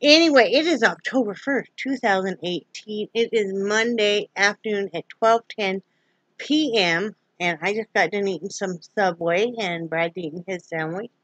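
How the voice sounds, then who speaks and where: A woman's voice: mid-range voice, unhurried, a bit bright. A woman from Wyoming talks through her day in a loose, folksy vlog ramble. Her voice sits in a middle range. The recording is dry, with no room echo. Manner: chatty, rambling, folksy greetings. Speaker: vlogger. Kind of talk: casual daily vlog chat.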